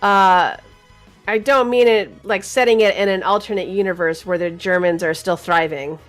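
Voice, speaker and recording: A woman's voice: medium pitch, fairly even intonation, normal speed, faint music behind. A woman co-hosting a casual gaming talk show, chatty and teasing, laughing often. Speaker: podcast co-host.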